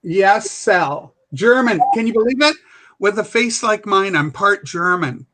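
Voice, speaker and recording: A man's voice: high-pitched, animated, a little slow, a bit bright. A man in his sixties chatting enthusiastically on a video call. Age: 60s. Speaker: guest. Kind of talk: casual video chat.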